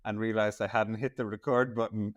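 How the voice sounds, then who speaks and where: A man's voice: fairly low pitch, level tone, brisk. Chatty male podcast host. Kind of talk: casual podcast chat.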